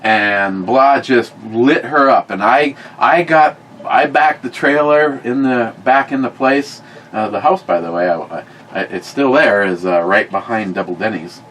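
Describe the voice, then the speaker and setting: A man in a relaxed chat who tells stories in long, winding runs, restarting his sentences as he goes. His pitch sits in a middle range. When he quotes people he gets lively, and a faint steady noise sits under the recording. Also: measured pace, low-quality recording. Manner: rambling, self-correcting, animated when quoting. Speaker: podcast co-host. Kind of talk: casual storytelling chat.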